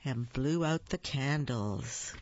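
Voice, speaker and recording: A storyteller reading a picture book aloud at a deliberate pace, with small slips. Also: medium pitch, darkish tone, highs cut off, slight background noise.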